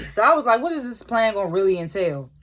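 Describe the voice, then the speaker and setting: A reviewer loosely retelling a TV episode in a casual recap, with many "like" fillers and frequent throat clearing. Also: medium pitch, expressive, moderate pace, a bit bright. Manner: loose storytelling, lots of "like" and "was like" retellings.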